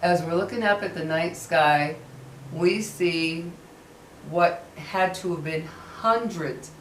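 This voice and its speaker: A woman's voice: fairly low pitch, slow pace, roomy sound, far from the mic, slight background noise, low-quality recording. A woman in a casual vlog who tells a personal story earnestly and keeps stressing that it really happened. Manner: earnest, emphatic, insists the story is true. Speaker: vlogger.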